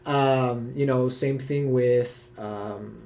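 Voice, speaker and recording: A young man with a mid-range voice hosts a casual live-stream Q&A. He talks his way through his ideas in loose, halting stretches, with lots of "you know" in between. He sounds eager when he gets to the characters he made. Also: medium pitch, fairly even intonation, creaky, a loud crowd. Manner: enthusiastic about his characters. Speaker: series creator hosting a cast Q&A.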